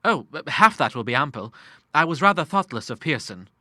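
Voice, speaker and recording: A man's voice: on the high side, sing-song, fairly quick, bright, forceful tone, dry recording, studio quality, full character voice. A man voicing a hesitant, apologetic young man in an audiobook. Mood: uneasy. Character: earnest young man, hesitant junior partner. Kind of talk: audiobook character voice.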